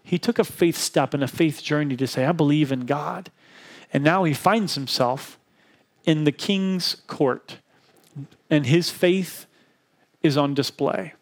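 A man in his thirties gives a lively sermon with a slightly high voice. He shifts his tone to act out characters in his stories, then returns to steady preaching. His delivery moves between quick, eager stretches and slow, weighty phrases. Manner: animated storytelling, acts out quotes in a higher voice. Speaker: pastor.

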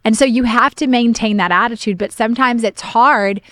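A middle-aged woman pastor co-hosting a podcast, telling a personal story with lively, animated retellings of her own complaints. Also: a little high, moderate pace, no room sound. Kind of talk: casual podcast talk, testimony.

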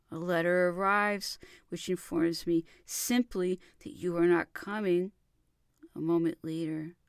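A woman reads an old love letter aloud in a slow, deliberate, impassioned way. Her voice sits a little low, and the recording is dry and close, with no room around it. She sometimes drops to a soft whisper. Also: clear, resonant tone, no echo. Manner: impassioned, theatrical delivery with soft whispered passages. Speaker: reader.

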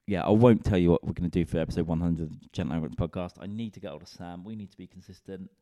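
A man's voice: low-pitched, very fast, mellow, no echo, highs cut off. A man, a comedian and podcast host, rambling in a casual, sweary, self-mocking solo rant.

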